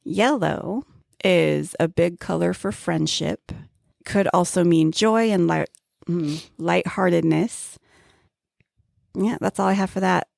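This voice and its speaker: A woman's voice: fairly low pitch, slow, gravelly, a little mellow, no echo, studio quality. A woman co-hosting a casual podcast chat, teasing her co-host and reading from her notes on flower meanings. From grew up near Mount Graham, Arizona.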